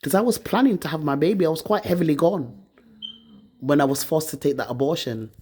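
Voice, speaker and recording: A woman's voice: low-pitched, fairly quick, a little mellow, slight background noise. A woman vlogger ranting to her phone camera, bitter and accusing, swearing often. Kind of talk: angry personal rant to camera.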